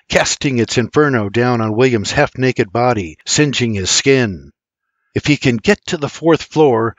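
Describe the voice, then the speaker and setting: A man's voice: mid-range voice, dry recording. Older man narrating dramatically. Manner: dramatic, intense storytelling. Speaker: audiobook narrator. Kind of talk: scripted dramatic audiobook narration.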